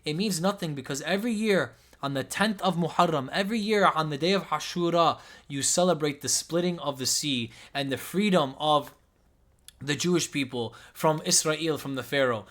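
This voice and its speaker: A man's voice: fairly high pitch, a little fast, a bit bright. A young man giving impassioned religious commentary, emotional and pleading, often repeating himself.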